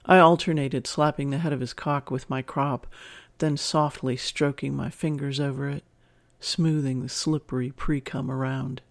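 A man reading a first-person erotic story in even, measured narration. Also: medium pitch, vocal fry, no room sound. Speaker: story reader.

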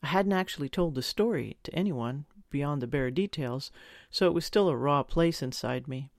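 A man's voice: on the high side, lively intonation, moderate pace, dry recording. Close, dry male storyteller. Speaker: audiobook narrator. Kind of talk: first-person story narration.

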